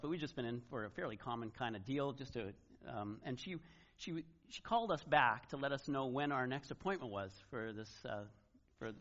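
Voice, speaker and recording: A man's voice: mid-range voice, lo-fi sound. A middle-aged man preaching a sermon in a loose, conversational way, acting out little asides as he tells stories. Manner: conversational, animated retelling with acted asides. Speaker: pastor.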